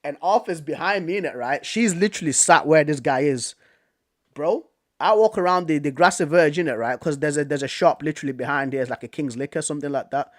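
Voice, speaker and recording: A young British man from Manchester, a vlogger telling a story in a casual, animated way, repeating himself and using slang. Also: on the high side, fairly quick. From Manchester, England. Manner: animated, repetitive, slangy retelling.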